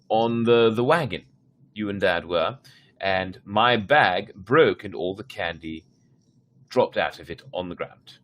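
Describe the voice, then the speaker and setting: A man's voice: low voice, a bit bright. A man reading a spooky children's story aloud on a live stream, stumbling and restarting now and then, sometimes stopping to chat with his listeners. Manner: reads with frequent slips and restarts, breaks off to chat.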